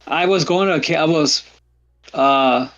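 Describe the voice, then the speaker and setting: A man hosting a livestream, chatting casually and telling rambling stories with halting restarts. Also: on the high side, fairly bright tone, highs cut off. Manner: rambling storyteller, laughs often, halting restarts. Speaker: stream host. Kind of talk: casual chat.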